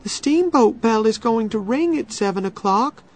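Storybook girl, scared and pleading, voice pushed way up high, put on by a male reader. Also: lively intonation, normal speed, a little mellow, full character voice. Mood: worried. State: crying. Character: frightened young girl lost in a cave. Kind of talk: storybook reading.

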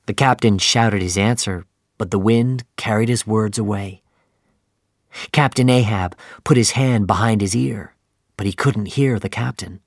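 A man narrating a simplified sea novel in a slow, clear, even storytelling manner. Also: fairly low pitch, no room sound, clean studio sound. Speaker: audiobook narrator.

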